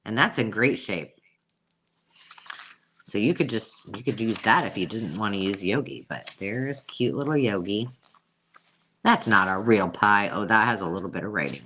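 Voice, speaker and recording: Chatty host with a lively, swooping voice. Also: mid-range voice, a little hiss or hum. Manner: chatty, self-mocking, coos over pictures. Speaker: host selling vintage books. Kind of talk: casual live sale chat.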